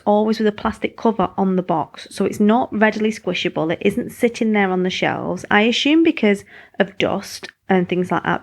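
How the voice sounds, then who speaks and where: A woman in her thirties talks casually on her podcast, rambling along and poking fun at herself. Her voice sits at an ordinary middle pitch with a gravelly rasp in it. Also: a little mellow. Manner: chatty, rambling, self-deprecating. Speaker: podcast host.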